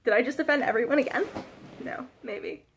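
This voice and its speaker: A woman's voice: high voice, brisk, a little hiss or hum. A Canadian woman in her twenties, chatting casually and self-deprecatingly to viewers of her live-stream vlog. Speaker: vlogger.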